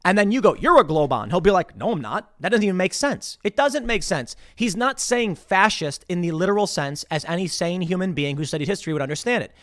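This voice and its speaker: A man's voice: sits high, fairly quick, hardly any pauses, no echo, studio quality. A man hosting casual political commentary, retelling stories and acting out the people he quotes. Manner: animated, acts out quoted people in shifting voices. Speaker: commentary host.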